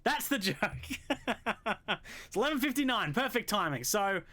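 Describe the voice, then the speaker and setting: A man giving a chatty walkthrough of a puzzle game, thinking out loud as he goes. His voice sits high and sounds bright and forceful, and he slips in joking asides. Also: very animated, a little slow. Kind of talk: casual gameplay commentary.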